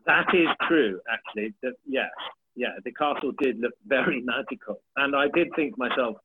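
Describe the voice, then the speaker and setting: A man's voice: medium pitch, moderate pace, slightly rough, no echo. A man in his thirties, a comedian chatting as a podcast guest, joking about himself and swearing freely. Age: 30s. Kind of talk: casual chat. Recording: tinny phone-like line with faint hiss.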